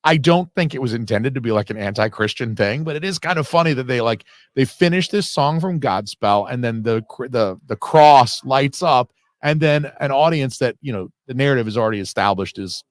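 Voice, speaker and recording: A man gives a casual live commentary on a film, swearing freely, drifting off on tangents, and using lots of fillers. His voice is medium-pitched, recorded at studio quality with no echo.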